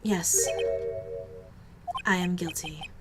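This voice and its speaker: A woman voicing a cold, calculating female film executive in a flat, controlled way. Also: on the low side, extremely slow, over loud music, voice pushed down.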